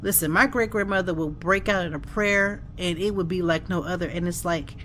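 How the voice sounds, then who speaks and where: Earnest woman with a lowish voice. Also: fairly quick, a bit bright, a little hiss or hum. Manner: earnest, reflective, conversational with faith references. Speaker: podcast host. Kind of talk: heartfelt solo podcast monologue. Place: home office.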